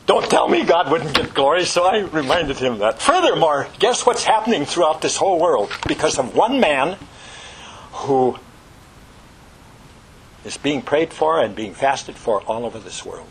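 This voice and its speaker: A man's voice: on the high side, sing-song, unhurried, a little hiss or hum, low-quality recording. A man preaching an earnest, fervent sermon that ends in prayer.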